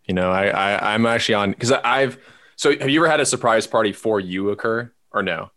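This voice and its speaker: A man's voice: lowish voice, fairly quick, fairly bright tone, no echo. A man telling a long personal story in casual podcast chat, rambling with lots of fillers and restarts. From Los Angeles area. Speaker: podcast co-host.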